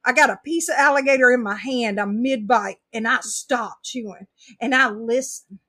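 Bright, high-voiced woman telling a story. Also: normal speed. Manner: animated, laughing through the story. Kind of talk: casual storytelling.

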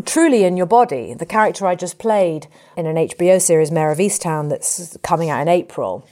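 Lively woman actor, lowish voice. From England. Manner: lively, colourful, animated speaker. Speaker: actor, interview guest. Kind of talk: reflective conversational interview.

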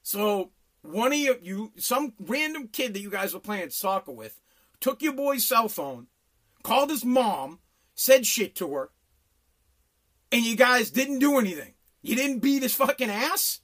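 Man, middle-aged, high voice, bright and sharp, animated profane rant. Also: normal speed. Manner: animated, profane, blunt storytelling with mock voices. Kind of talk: casual rant.

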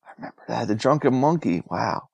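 A man co-hosting a podcast, blunt and expressive in casual chat and swearing a lot. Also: mid-range voice, fairly quick, vocal fry, breathy edge, dry recording, dull audio. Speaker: podcast co-host.

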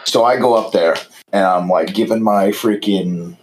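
Low-voiced chuckling storyteller man. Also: normal speed, a little hiss or hum, low-quality recording. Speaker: podcast co-host. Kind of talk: casual chat, storytelling.

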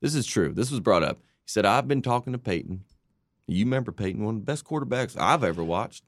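A man co-hosting a casual sports podcast, an animated and excitable storyteller. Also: lowish voice, fast talker, dry recording. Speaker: podcast co-host.

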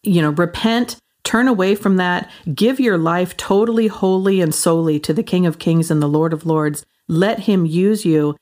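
A woman's voice: on the low side, normal speed, hardly any pauses, a little mellow. A woman in her forties hosting a casual faith podcast, rambling with lots of fillers and frequent laughs. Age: 40s. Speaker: podcast host.

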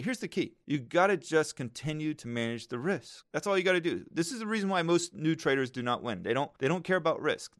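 A man's voice: medium pitch, fairly bright tone. Chatty upbeat man giving trading advice. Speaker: podcast host, trading. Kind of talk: casual podcast monologue.

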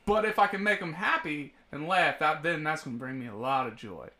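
A man's voice: on the high side, a little fast, bright, forceful tone. A man hosting a casual podcast, joking at his own expense and swearing freely. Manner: self-deprecating, swearing, joking. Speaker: podcast host. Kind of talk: casual chat.

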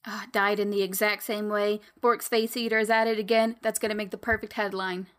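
A woman's voice: medium pitch, little pitch movement, brisk, a bit bright. A woman acting as game master in a tabletop role-play, narrating and speaking in character in an eager, teasing way.

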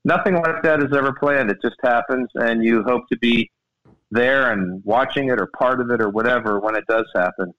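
A man's voice: mid-range voice, normal speed, dull audio. A man co-hosting a sports radio show, telling rambling anecdotes in casual chat.

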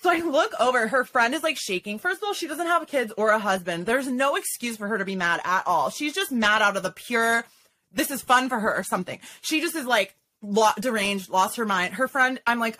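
A young woman hosts a casual podcast chat, speaking a little fast in a high, pushed, bright voice with lively intonation. She tells a story dramatically and sassily, packed with "like" and swearing.

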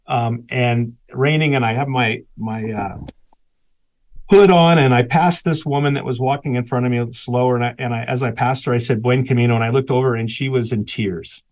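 A man's voice: mid-range voice, normal speed, darkish tone, lo-fi sound. A man, a guest author, animatedly telling a personal story in conversation, laughing between lines.

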